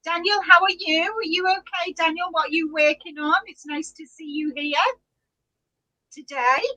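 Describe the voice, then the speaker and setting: A woman's voice: extremely high pitch, level tone, moderate pace, pushed and bright, low-quality recording. A woman hosting a casual live-stream chat, greeting viewers by name and laughing often. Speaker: podcast host reading live chat.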